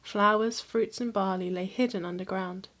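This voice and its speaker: Calm woman reading myths aloud. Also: medium pitch, normal speed. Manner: calm, even storytelling. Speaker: history channel host. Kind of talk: reading a mythology book aloud.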